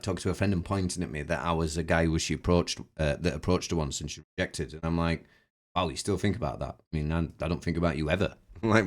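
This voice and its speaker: Low-pitched man hosting a reaction video, sarcastic, dry and mocking. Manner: sardonic, mocking. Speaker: commentary host. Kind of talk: reaction commentary.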